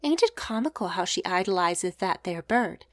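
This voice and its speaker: A woman's voice: fairly low pitch, expressive, moderate pace, dry recording, studio quality, natural voice. A woman doing a nosy folksy country gossip. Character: gossipy older rural woman, plain speech.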